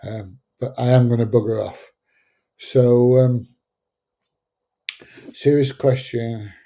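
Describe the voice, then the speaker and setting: A man's voice: mid-range voice, fairly even intonation, slow pace, dark tone. A man in his seventies with a Sheffield accent, chatting casually on his livestream in a rambling, blunt way. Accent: Sheffield English. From Sheffield, England. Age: 70s. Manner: rambling, chatty, blunt, drops into mild swearing. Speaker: livestream host. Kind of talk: casual livestream chat reading out viewer comments.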